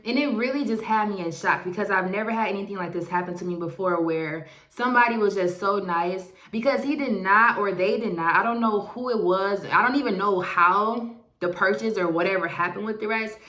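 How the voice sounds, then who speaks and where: Young woman doing a storytime vlog, lively, acts out who said what, roomy echo. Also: mid-range voice, normal speed. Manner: animated storytelling that acts out the quoted exchanges. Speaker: vlogger. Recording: echoey room.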